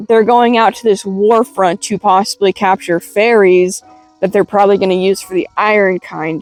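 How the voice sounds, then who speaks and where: Speaking in a mid-range, slightly mellow voice, this young webcomic reviewer casually sums up a comic, chatty and full of "like" fillers and offhand swearing. The recording is dry.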